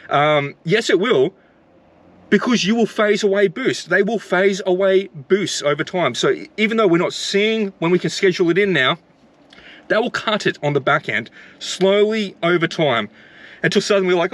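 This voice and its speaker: A man's voice: high-pitched, expressive, normal speed, a bit bright. A man who drives for delivery apps, ranting angrily to camera, swearing and repeating himself. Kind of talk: angry rant to camera.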